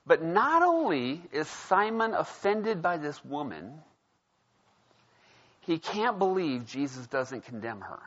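Slightly high-voiced guy pastor, chatty sermon, keeps saying right?, dull lo-fi audio. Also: big pitch swings, slow pace, a bit bright. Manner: conversational, storytelling, frequent "right?". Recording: dull lo-fi sound.

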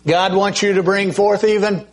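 An older man preaching a sermon slowly and deliberately, often pausing to clear his throat. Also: high voice, fairly even intonation, rough recording. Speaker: pastor.

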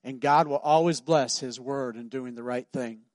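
This middle-aged pastor has a mid-range, slightly mellow voice and speaks at a moderate pace, with no room sound. His sermon in a church sanctuary leans on conversational storytelling, complete with acted-out voices.

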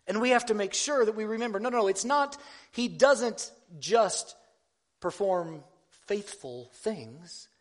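A man delivers a sermon in a high, light voice. He talks like he's chatting with friends, pokes fun at himself, and often stops to restart a thought. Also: lively intonation. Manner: conversational, self-deprecating, halting restarts. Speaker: preacher.

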